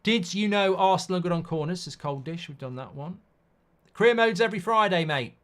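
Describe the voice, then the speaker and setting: Brisk and expressive, his high-sitting voice carries a fairly bright tone. He runs a live football watchalong in a blunt, casual way, mixing reactions to the game with viewer comments he reads out.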